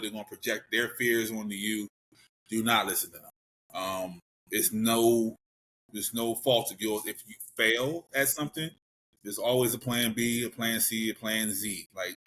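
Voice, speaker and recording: A man's voice: fairly low pitch, pushed and bright. Easygoing man giving podcast advice. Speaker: podcast guest. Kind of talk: casual podcast chat.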